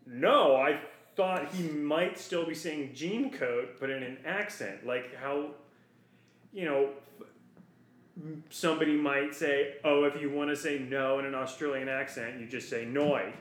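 A man co-hosting a podcast in casual chat, animated and playful, going off on rambling asides. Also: mid-range voice, measured pace. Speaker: podcast co-host. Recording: roomy echo. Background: dog heard at times.

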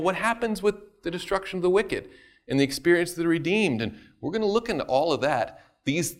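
Emphatic man teaching a Bible study. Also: fairly high pitch. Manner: emphatic, keeps checking in with "right?"; repeats phrases for stress. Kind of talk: casual Bible study talk.

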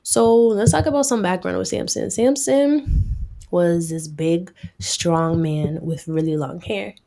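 A woman's voice: on the low side, slow, gravelly, dark tone. A woman giving a casual, slangy sermon, retelling a Bible story in a chatty way full of 'like'.

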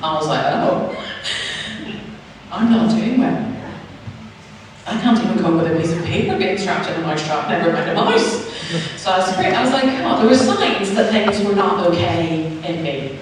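A woman's voice: lowish voice, lively intonation, a little fast, background noise. A woman in her thirties with a Northern Irish accent giving a chatty, self-mocking personal testimony as a church speaker, acting out both sides of her conversations. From Northern Ireland. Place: church hall. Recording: echoey hall from far off.

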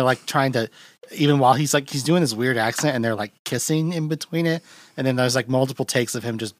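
A young man hosts a laid-back film podcast and rambles through his thoughts with plenty of fillers and laughs. His voice sits at an ordinary middle pitch, and the sound is dry and close. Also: brisk, dry recording. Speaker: podcast host. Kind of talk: casual film chat.

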